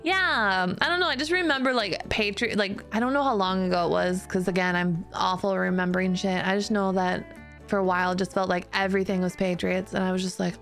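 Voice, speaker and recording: A woman's voice: medium pitch, fairly bright tone. Giggly chatty woman streamer over music. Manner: chatty, giggly, self-deprecating, quick restarts. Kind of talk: casual chat with stream chat.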